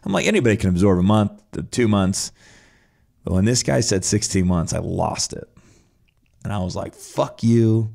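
A man's voice: sits low, animated, normal speed, creaky, long pauses, a little mellow. A man telling his own story in a casual, blunt and profane way, acting out his past reactions as he goes.

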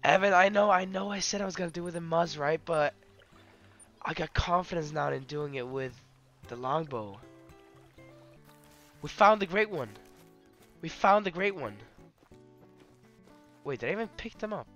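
A man streams a hunting game and talks his viewers through every move. His voice is bright and forward, and his talk runs eager and rambling. Soft music plays faintly behind him. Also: on the high side, moderate pace, pauses often. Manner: excitable, yelling in bursts then whispering to prey. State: hyped and emotional. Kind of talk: live gaming commentary.

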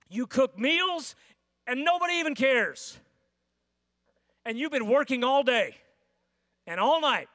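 A man preaching a sermon as senior pastor, with dramatic pauses and acted-out inner voices. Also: very high voice, animated, fairly bright tone. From United States. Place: large church sanctuary. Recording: dry sound with long hall reverb.

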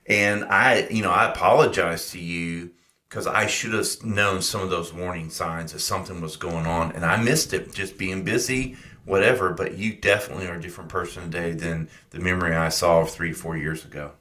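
A man's voice: low-pitched, steady tone, moderate pace, sharp tone. A man co-hosting a podcast, speaking earnestly and reflectively in casual conversation. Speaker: podcast co-host.

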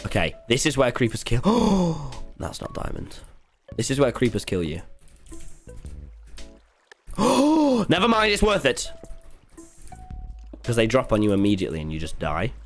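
Brief: young lad streamer, lively swooping voice, unhinged cheeky banter, faint music underneath. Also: male voice, mid-range voice, unhurried, long pauses. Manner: chaotic, cheeky, swears often, laughs a lot. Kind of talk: casual gaming livestream commentary.

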